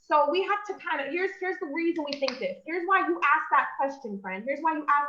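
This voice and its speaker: A woman with a fairly high, bright and forceful voice coaches her listeners through an earnest pep talk. She leans hard on emphasis, then drops low to confide. The call audio is echoey and a little dull. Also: moderate pace, slight background noise. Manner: earnest and encouraging, addresses listeners as friend; swings from loud emphatic bursts to low confiding tones. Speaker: motivational speaker, business coach.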